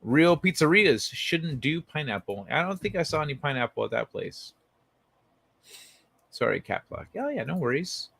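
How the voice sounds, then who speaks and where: A man's voice: on the high side, big pitch swings, normal speed, vocal fry, fairly bright tone, slightly rough. A man hosting a late-night livestream from his bed, chatting loosely with viewers and reading their messages aloud. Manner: rambling, laid-back, talks to chat by name. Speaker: livestream host reading chat. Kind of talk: late-night casual chat. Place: at home in bed.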